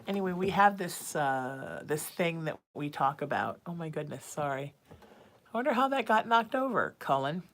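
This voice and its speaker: A woman's voice: low-pitched, vocal fry, a bit bright. A woman hosting a psychic livestream, chatting casually and reading viewer texts aloud. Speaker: psychic medium livestream host.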